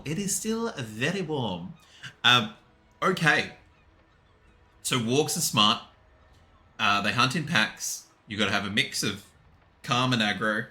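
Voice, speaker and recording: Chatty man with a lively pitch. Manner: chatty, laughs often, reads and answers chat. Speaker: game streamer. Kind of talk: casual chat with live stream chat.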